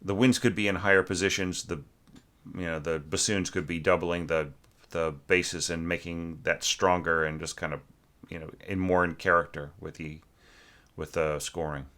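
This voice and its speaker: A man's voice: deep voice, steady tone, normal speed, fairly bright tone. A man giving a loose, rambling spoken critique of a student's orchestration, full of fillers and sung musical figures. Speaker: orchestration teacher.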